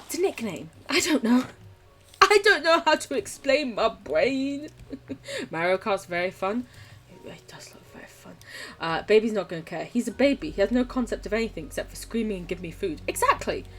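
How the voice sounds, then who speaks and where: Lively British woman streamer chatting. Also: a little high, normal speed. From United Kingdom. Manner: chatty, swears freely, laughs often. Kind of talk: casual chat while gaming and reading chat.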